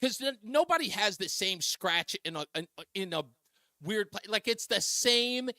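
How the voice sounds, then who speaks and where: A man with a high, bright voice hosts a talk radio show, telling stories with lots of animation and frequent laughter. The sound is dry and close. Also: animated, normal speed, dry recording. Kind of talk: casual talk radio storytelling.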